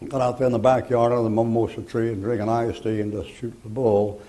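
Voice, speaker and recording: An older man preaching a sermon, telling folksy stories between loud bursts of preaching. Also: mid-range voice, level tone, quick pace.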